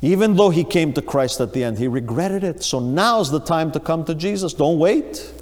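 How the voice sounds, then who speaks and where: A man's voice: lively intonation, moderate pace. Preacher man in an echoing hall. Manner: dramatic, rises high and loud on acted quotes. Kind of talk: sermon. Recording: long reverb of a large hall.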